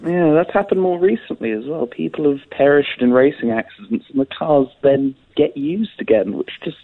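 Teasing young radio co-host, higher voice. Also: male voice, normal speed, phone-quality sound. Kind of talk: studio banter. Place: radio studio.

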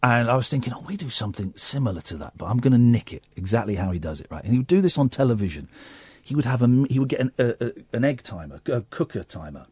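A male radio host with a slightly husky voice, speaking close to a dry studio mic. He tells stories with lively swings in pitch. He mimics people and drops to a soft hush in tender moments. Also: fast talker, no room sound. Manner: animated storytelling, mimics people, drops to soft quiet tones when moved. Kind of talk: casual radio chat. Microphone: studio microphone.

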